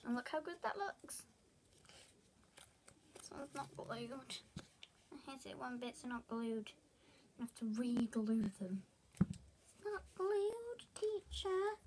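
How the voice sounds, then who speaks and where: A woman's voice: on the high side, slow, long pauses, a little mellow, slight background noise. A young girl talking to viewers as she makes school supplies, rambling and chatty and sometimes slipping into a whisper. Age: child. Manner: rambling, talks to herself while crafting, drifts into whispers. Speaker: vlogger. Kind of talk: chatty craft tutorial vlog.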